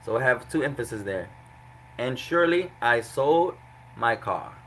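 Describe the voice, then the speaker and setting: A man's voice: mid-range voice, animated, measured pace, fairly bright tone, slight background noise, low-quality recording. A man teaching an Arabic grammar lesson to a class, explaining patiently and repeating examples.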